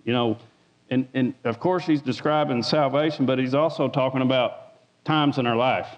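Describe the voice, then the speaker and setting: A man's voice: medium pitch, moderate pace. A man giving an informal sermon as a lay preacher, folksy, repeating words and asking the room for an amen. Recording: dull sound with long hall reverb.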